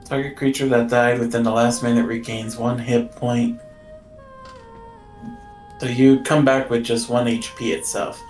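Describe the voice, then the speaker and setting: A man's voice: mid-range voice, flat delivery, measured pace, pauses often, a little mellow, roomy sound, soft background music. A man playing a tabletop game, reading out a spell rule and asking the game master a question. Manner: checking rules, reading aloud. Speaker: player. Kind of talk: tabletop role-play.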